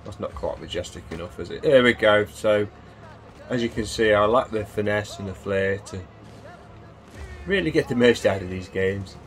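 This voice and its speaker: A man's voice: on the low side, normal speed, soft background music. A man hosting a gaming channel, chatting and joking casually as he unboxes and plays games, with sudden exclamations. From England. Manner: chatty and jokey, exclaims while playing. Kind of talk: casual gameplay commentary.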